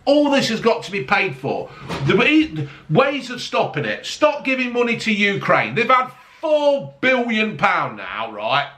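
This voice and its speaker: A man's voice: high voice, wildly swooping pitch, unhurried, bright, forceful tone. A man ranting angrily in casual chat, swearing as he talks to camera. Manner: angry, sweary rant. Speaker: vlogger.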